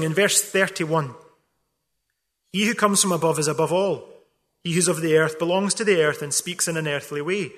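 High, bright-voiced man preaching a sermon. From not from England. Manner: emphatic, rhetorical questions, wry asides. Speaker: pastor.

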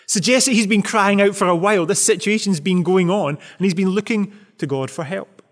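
High-voiced preacher in a reverberant hall. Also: male voice, brisk. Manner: earnest, questioning preaching with rhetorical questions. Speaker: pastor. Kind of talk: sermon.

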